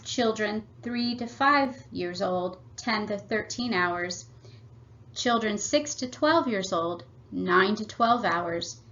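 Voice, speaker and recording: A woman's voice: mid-range voice, a bit bright. Woman reading a workshop script, lo-fi. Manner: measured, instructive reading. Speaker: family workshop presenter. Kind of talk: scripted read-aloud presentation. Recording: slightly dull lo-fi audio.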